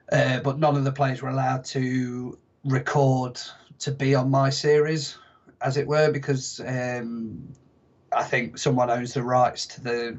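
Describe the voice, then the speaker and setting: Young guy rambling through funny stories on a podcast, medium voice, kinda muffled audio. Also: mid-range voice. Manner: chatty storyteller, jokey and self-mocking. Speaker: podcast guest. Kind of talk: casual podcast chat.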